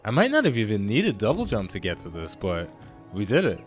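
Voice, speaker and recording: Brief: a man with a lowish voice doing relaxed let's-play commentary, chatty and self-deprecating, soft game music underneath. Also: brisk. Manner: rambling, self-deprecating, laughs often. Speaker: gaming YouTuber.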